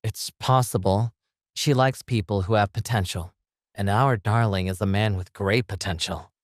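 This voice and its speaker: A man's voice: lowish voice, moderate pace, dry recording, studio quality, close to an everyday voice. A man voicing a commanding young vampire woman in an audio story, with a bossy, scolding manner. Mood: firm.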